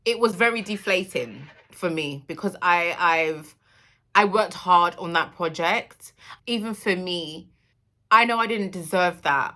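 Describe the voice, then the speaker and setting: A woman in her thirties speaks straight to her viewers in a candid, emotional monologue. Her voice sits on the low side but has a bright, forward edge. She tells her story in an animated way. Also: moderate pace. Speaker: vlogger. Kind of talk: reflective personal monologue.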